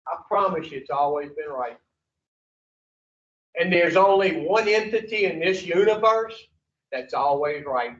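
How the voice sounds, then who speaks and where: A man's voice: sits high, a bit bright. A man giving a blunt, profane preaching talk to a recovery group, firing rhetorical questions at the room. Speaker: recovery speaker. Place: meeting room at an addiction recovery center. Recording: roomy, distant, muffled room recording.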